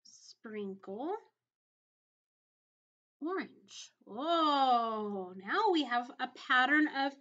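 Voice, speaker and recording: A woman teacher giving a slow, encouraging video lesson to young children, in a singsong way. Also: high-pitched, animated, a bit bright, highs cut off.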